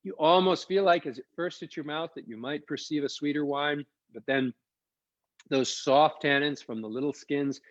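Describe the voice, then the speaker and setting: A man's voice: fairly high pitch, normal speed, no room sound, highs cut off. A man co-founding a winery, presenting a live online wine tasting in an enthusiastic, chatty way and explaining as he tastes. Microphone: video call.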